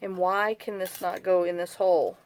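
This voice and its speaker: A woman's voice: lowish voice, flat delivery, moderate pace, a little mellow. Chatty woman venting while crafting. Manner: chatty, rambling storyteller, venting complaints. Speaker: journal-making craft vlogger. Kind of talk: casual chat while crafting.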